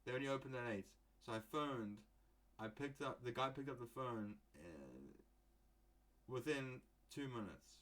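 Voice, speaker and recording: A man's voice: medium pitch, lively intonation, a little slow, fairly bright tone. A young man from England rambling through a casual solo podcast, joking and swearing freely as he goes. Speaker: podcast host.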